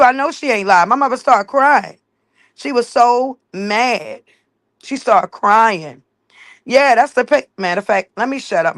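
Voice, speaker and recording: A woman's voice: medium pitch, gravelly, a bit bright, no echo. A woman with kids talking bluntly to her viewers on a casual live stream, driving home each point with "facts" and "period.". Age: adult with children. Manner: blunt and emphatic, keeps punctuating with "facts" and "period".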